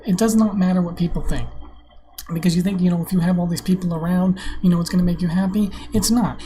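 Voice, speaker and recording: A man's voice: sits high, warm tone, a little hiss or hum. A young man hosting his own vlog, ranting bluntly and profanely to camera from his computer desk, preaching his views in a casual, rambling way. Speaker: vlog host. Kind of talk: casual solo rant to camera. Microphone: webcam on a monitor.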